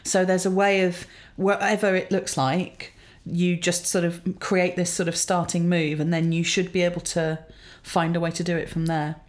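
Brief: woman, 40s, lowish voice, rambling chatty co-host, laughs at her own tales. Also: flat delivery, normal speed, hardly any pauses. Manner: rambling, self-amused storytelling with fillers. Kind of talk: casual chat.

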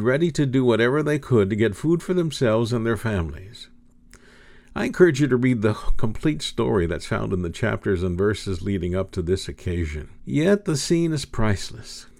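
A man preaching a sermon, with dramatic, slow, emphatic delivery and big swings in pitch and volume. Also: a little mellow.

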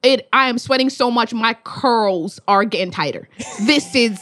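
A young woman, a spoken word poet, telling a story in animated, laughing, swearing casual chat. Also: fairly high pitch, moderate pace, no room sound, studio quality. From Australia.

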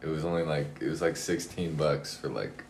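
A man's voice: a bass voice, fairly even intonation, moderate pace. A young man guesting on a casual podcast, joking and easygoing in his banter. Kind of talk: casual chat. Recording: echoey room with faint noise.

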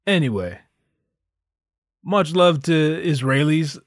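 A man's voice: fairly high pitch, animated, slow, no echo, studio quality. A man hosting a podcast, delivering a sarcastic, profane comedic rant. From United States. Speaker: podcast host.

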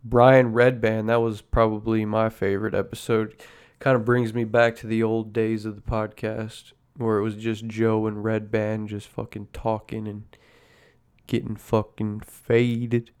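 A man's voice: on the low side, flat delivery, measured pace, clear, resonant tone. A man hosting a casual podcast chat, rambling in a laid-back way and swearing constantly over his coffee. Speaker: podcast host. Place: at home drinking coffee.

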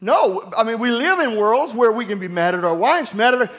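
A man's voice: very high voice, expressive, brisk, fairly bright tone. A man preaching a sermon as pastor, calling for amens and telling funny stories about his family. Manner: call-and-response preaching with humorous family stories. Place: church sanctuary. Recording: long hall reverb.

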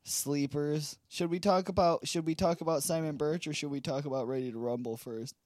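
A man's voice: on the high side, fairly even intonation, fairly quick, a little mellow, dry recording, studio quality. A young man co-hosting a comedy podcast, crude and rambling, laughing through casual banter. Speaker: podcast co-host.

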